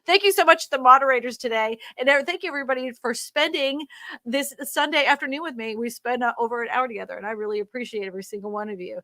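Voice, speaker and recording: A woman's voice: high voice, fast talker, pushed and bright, no room sound. A woman hosting a real estate live stream. She reads viewer comments aloud and answers them in an emphatic, ranting way, laughing often.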